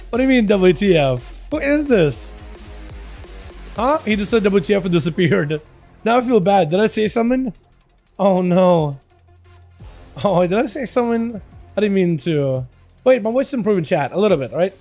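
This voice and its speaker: Casting game duels on his livestream, a young Russian-speaking man hypes every play and banters with chat in a high, lively voice at a moderate pace. Though hoarse and rough tonight, his tone stays mellow and dark, with faint music playing quietly in the background.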